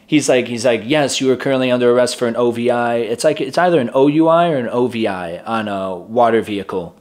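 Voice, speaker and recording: A man's voice: mid-range voice, steady tone, fast, darkish tone. A man in his twenties telling a personal story in a casual way, laughing often and acting out the voices of the people in it. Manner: chatty, laughs often, acts out quoted voices. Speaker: vlogger.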